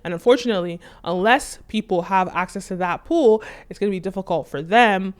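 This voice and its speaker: Woman host, mid-pitched, conversational explainer with loose fillers. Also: fairly quick, clear, resonant tone. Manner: conversational, leans on "right?" and "like". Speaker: channel host. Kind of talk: casual explanatory commentary.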